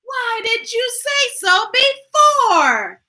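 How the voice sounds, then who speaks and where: A woman voicing a severe old male carpenter who speaks sternly and exclaims loudly, in a storybook read-aloud. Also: high voice, expressive, slow, full character voice.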